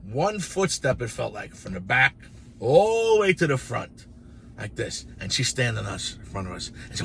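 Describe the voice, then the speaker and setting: A man in his sixties casually telling childhood stories to camera in an animated, profane, rambling way. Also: medium pitch, brisk, creaky, slight background noise. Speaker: storyteller.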